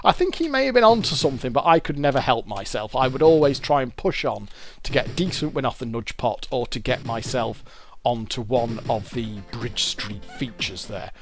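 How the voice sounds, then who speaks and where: A man's voice: mid-range voice, expressive, normal speed, faint music behind. A British man giving casual, rambling commentary while he plays a fruit machine game and explains its features.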